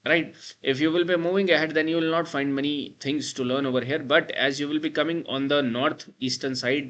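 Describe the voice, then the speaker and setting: A man's voice: medium pitch, bright, forceful tone. A man with an Indian English accent, teaching a map-based exam prep lecture and drilling students with repeated checks like "right?" and "guys". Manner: repetitive, drills the listener with frequent "right?" and "guys".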